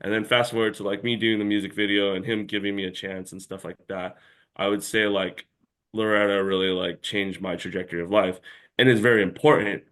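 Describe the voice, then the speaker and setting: A man's voice: fairly low pitch, fairly even intonation, brisk, fairly bright tone. A man telling a long story as an interview guest in a casual chat, rambling and packed with filler words.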